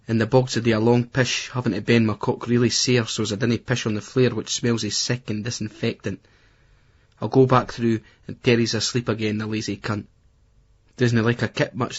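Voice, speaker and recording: A Scottish man tells the story in a blunt, crude, chatty first-person voice at a middle pitch. The audiobook recording sounds dull and lo-fi. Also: breathy edge. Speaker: audiobook narrator. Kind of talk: first-person novel narration.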